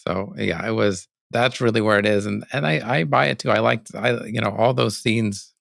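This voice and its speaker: A middle-aged man co-hosting a podcast in casual chat, relaxed and often laughing. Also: lowish voice, moderate pace, gravelly, no room sound, clean studio sound. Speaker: podcast co-host.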